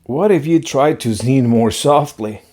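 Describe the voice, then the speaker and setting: A man's voice: medium pitch, unhurried, darkish tone, pitched below the performer's own voice, natural voice. A man voicing a cheerful, caring female pig in a picture book read-aloud, friendly and inquisitive.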